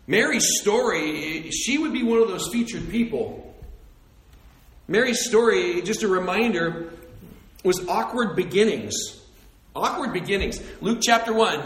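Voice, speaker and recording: A man preaching a sermon as a pastor, telling the story in an animated way and acting out the characters. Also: high voice, heavy reverb, rough recording.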